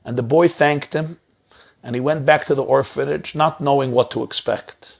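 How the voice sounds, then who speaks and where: Male sermon storyteller at a middle pitch, dramatic with lots of repetition. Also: fairly even intonation, moderate pace, creaky. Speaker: inspirational speaker.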